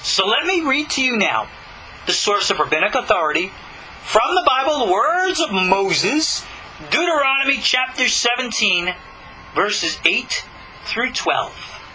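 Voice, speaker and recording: Bright-voiced man teaching scripture emphatically. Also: extremely high pitch, sing-song, slight background noise, rough recording. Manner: emphatic, rhetorical questions, slows for scripture. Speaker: Jewish teacher. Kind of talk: religious teaching talk.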